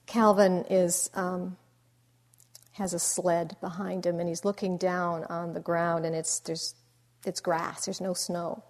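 A middle-aged woman meditation teacher giving a dharma talk in a reflective, unhurried way, dropping into soft asides. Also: lowish voice, level tone.

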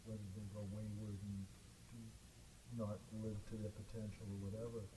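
Halting participant in a noisy room. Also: mid-range voice, flat delivery. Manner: halting, repeats words, searching for phrasing. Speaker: class participant.

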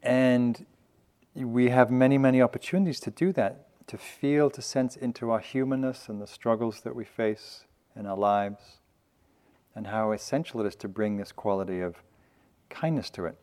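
A man teaching at a meditation retreat, speaking in a gentle, loose, conversational way with light self-mocking humor. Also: medium pitch, normal speed, clean tone. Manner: loose, with frequent fillers and restarts. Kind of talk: dharma talk at a meditation retreat.

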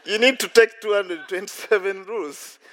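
A Buddhist monk with a high-sitting, slightly bright voice gives a dharma talk at a meditation retreat at a moderate pace. He's playful, chuckling often between phrases and telling self-deprecating stories.

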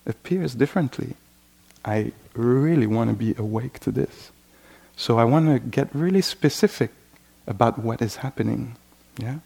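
A man leads a dharma talk in an unhurried, reflective way. His voice sits at a middle pitch with a gravelly fry, and he keeps checking in with "you know" while voicing the mind's passing thoughts. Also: mellow. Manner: acts out inner voices in quoted asides. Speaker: meditation teacher.

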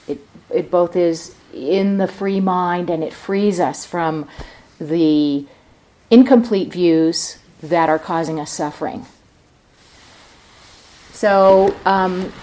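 A woman's voice: fairly low pitch, a little mellow. A woman meditation teacher giving a reflective dharma talk at a retreat center, thinking aloud as she explains.

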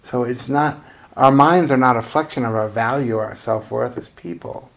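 A male meditation teacher giving a dharma talk in a relaxed, conversational way. His mid-range voice has a gravelly, creaky texture, and he keeps it self-deprecating with frequent chuckles. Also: medium pitch, normal speed.

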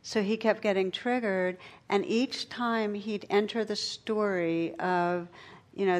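A middle-aged woman giving a meditation talk, telling stories and jokes with gentle pauses. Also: medium pitch, fairly even intonation. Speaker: meditation teacher. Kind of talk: dharma talk.

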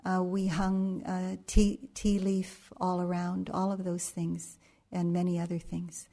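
A middle-aged woman meditation teacher telling a story in a dharma talk, unhurried and anecdotal, with frequent pauses and fillers. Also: fairly low pitch, monotone, mellow.

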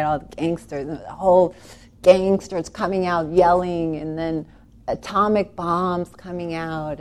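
Woman, slightly low voice, earnest, animated, rambling personal storytelling, talk. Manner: rambling, with many restarts.

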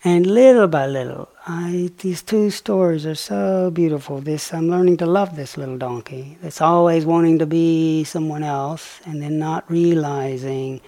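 Male dharma teacher, animated storyteller, voice sinks to a soft hush for key lines. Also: on the high side, measured pace, vocal fry, hardly any pauses. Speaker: meditation teacher. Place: meditation retreat hall.

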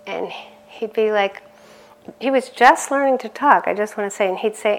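A middle-aged meditation teacher gives a conversational dharma talk, laughing often and getting animated as she tells stories. Her voice is mid-range and her speed normal.

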